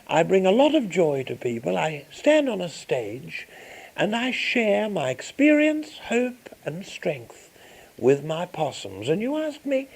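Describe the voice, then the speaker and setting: Man playing a vain Australian grande dame, swooping high voice, gravelly, husky. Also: a little mellow, exaggerated voice, low-quality recording. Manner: theatrical, grandiose, swooping delivery. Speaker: interviewee. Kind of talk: in-character interview.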